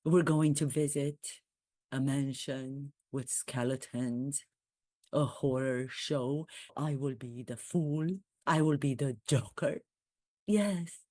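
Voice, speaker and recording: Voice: mid-range voice, fairly even intonation, takes it slowly, a little mellow, no room sound, studio quality, natural voice. A performer doing a comic impression of a royal prince, speaking in a stiff, formal, self-deprecating way without a put-on accent. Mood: formal, eager.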